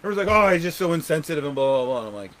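A man's voice: fairly high pitch, sing-song, rapid-fire, fairly bright tone. A man co-hosting a podcast, chatting in a laid-back way full of fillers. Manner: laid-back banter, lots of "like" and "you know". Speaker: podcast co-host. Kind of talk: casual chat.

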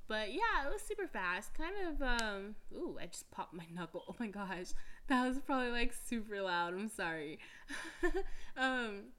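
A woman's voice: medium pitch, very animated, measured pace, fairly bright tone. A young woman hosting a podcast in a chatty, giggly, casual way, full of filler words. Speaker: podcast host. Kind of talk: casual chat.

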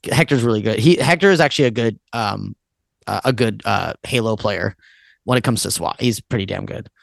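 A man's voice: lowish voice, fairly quick, vocal fry, no echo. A man in his thirties, a musician and podcast guest, talking in a rambling, casual way with lots of "like" and frequent swearing. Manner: rambling, swears often, fills with "like".

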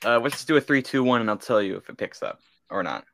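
A man's voice: mid-range voice, animated, fast talker, a bit bright, no room sound. A young man co-hosting a podcast, chatting casually in a goofy, joking way and laughing often. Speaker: podcast co-host. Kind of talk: casual chat.

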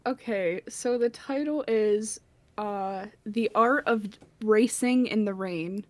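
A young woman in a casual podcast chat, making brief, quiet remarks. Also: mid-range voice, takes it slowly.

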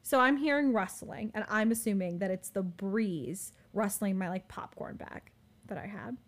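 A young woman in her twenties telling a story in casual chat, animated and full of fillers. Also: mid-range voice, normal speed. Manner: animated, filler-heavy, frequent "like".

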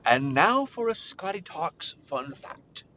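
A man hosting a children's podcast, telling a story and coaxing young listeners to shout along. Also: a little high, very animated, takes it slowly, highs cut off.

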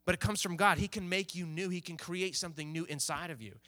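A youth pastor with a high-pitched voice and a sharp tone talks fast as he preaches to a youth group. His delivery is casual and conversational, and he often acts out what teenagers think and say.

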